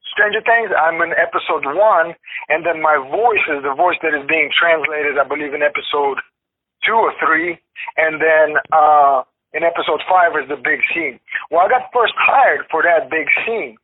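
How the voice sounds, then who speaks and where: A man guest telling stories in a lively way, acting out what others said and laughing as he goes. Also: on the high side, normal speed, slight background noise. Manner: lively, acts out quoted lines, laughs mid-story. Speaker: actor guest. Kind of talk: casual storytelling. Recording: tinny phone line.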